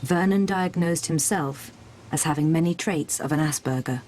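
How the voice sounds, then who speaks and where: A woman giving a calm, measured documentary voice-over narration. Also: sits low, slight background noise. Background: music.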